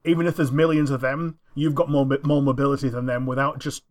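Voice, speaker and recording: A man's voice: medium pitch, level tone. Guy chatting along to a movie, laughs a lot, says yeah yeah constantly, ordinary mid voice. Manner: laughs often, quick agreeing interjections. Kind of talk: casual chat reacting to a film.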